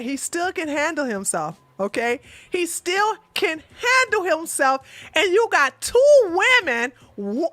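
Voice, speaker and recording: A woman hosting a casual livestream, chatting with her viewers in an animated way, often laughing and talking back to the chat. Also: sits high, dry recording. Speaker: livestream host.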